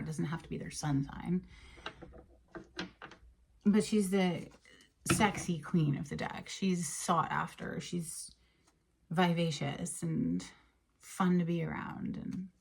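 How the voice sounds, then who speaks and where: A woman giving a casual tarot card reading, chatty and emotional, sometimes dropping into breathy half-whispers. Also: lowish voice, slight background noise. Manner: chatty and emotional, with frequent fillers and soft laughs. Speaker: tarot reader.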